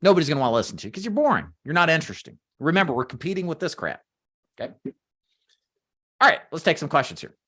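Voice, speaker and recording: A man in his thirties coaching sales agents, emphatic and animated, acting out sample phone pitches on camera. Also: fast talker, pauses often. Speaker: sales trainer. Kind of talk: training talk to agents. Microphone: webcam or desk mic on camera.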